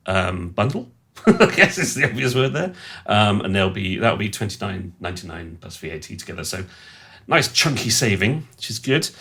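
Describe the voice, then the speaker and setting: A man's voice: fairly low pitch, fairly bright tone. A man, a sound designer, gives a casual, rambling and self-mocking walkthrough of his synth patches.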